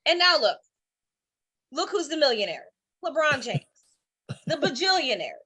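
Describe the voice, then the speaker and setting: A woman comedian in her thirties from Cleveland, telling stand-up stories online with animated voiced quotes. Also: high-pitched, measured pace. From Cleveland, Ohio. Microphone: streaming from home.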